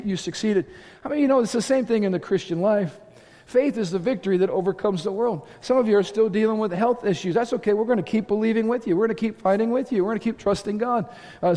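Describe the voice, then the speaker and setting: Fervent pastor preaching in a hall. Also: male voice, high voice. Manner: impassioned, rising to loud exhortation. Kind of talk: sermon. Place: church sanctuary. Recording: long hall reverb.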